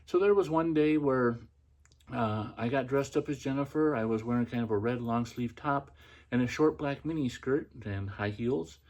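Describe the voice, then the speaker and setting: A man's voice: medium pitch, moderate pace, darkish tone. A middle-aged man hosting a podcast, telling a personal story in a casual, chatty way with many fillers and restarts. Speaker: podcast host.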